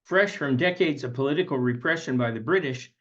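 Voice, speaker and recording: A man teaching a history lesson in a conversational way, reading from a textbook and then stepping aside to comment. His voice sits at an ordinary middle pitch. The recording is a little dull and lo-fi. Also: brisk, a bit bright.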